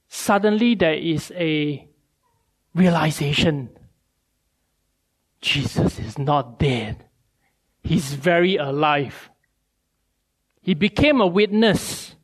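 A male preacher, giving a sermon with animated storytelling and many rhetorical questions. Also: high voice.

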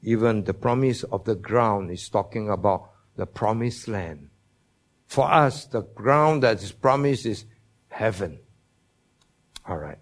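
A Bible teaching sermon comes from a man whose voice is lowish and expressive. Slow and deliberate, he emphasizes each promise and asks his listeners questions.

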